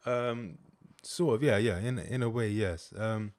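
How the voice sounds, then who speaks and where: A man's voice: on the low side, unhurried, a little mellow, dry recording. A man co-hosting a casual podcast, laid-back and drily teasing. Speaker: podcast co-host.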